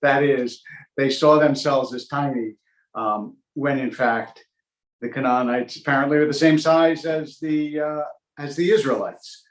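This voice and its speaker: A man, a rabbi, giving an informal Torah class in a relaxed teaching manner, with many ums and uhs and dry joking asides. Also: medium pitch, a little slow. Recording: roomy echo.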